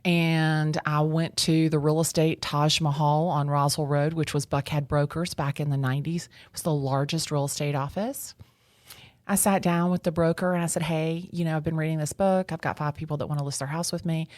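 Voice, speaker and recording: A bubbly, animated woman, her voice sitting low for a woman. She tells her story as a guest on an interview show and acts out the lines of the people in it. The sound is dry and close. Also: normal speed, no echo. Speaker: real estate agent, guest. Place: real estate association office.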